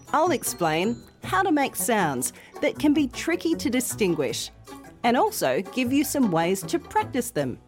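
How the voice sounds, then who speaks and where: A woman presenting a pronunciation lesson, carefully modelling words for learners to repeat. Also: a little high. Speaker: English pronunciation teacher.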